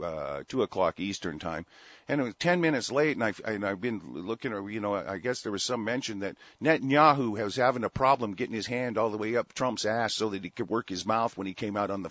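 A man delivering an angry, profane ranting monologue as a solo commentator. He bursts into shouts and stumbles over restarts. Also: on the low side, no echo. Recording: dull lo-fi dry recording.

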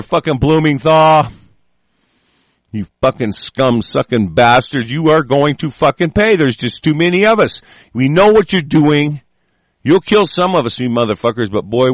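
A male host in a furious, profane rant who keeps stumbling over and restarting his phrases. His voice sits in an ordinary middle pitch, recorded dry and close with no room sound. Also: dry recording. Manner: heated, profane, repeats and restarts.

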